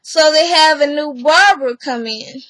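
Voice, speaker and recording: A vlogger talks casually to camera as she recaps a reality TV episode, acting out each person's lines with animated energy and laughing often. Her high, bright voice is unhurried. The recording is rough but has no echo.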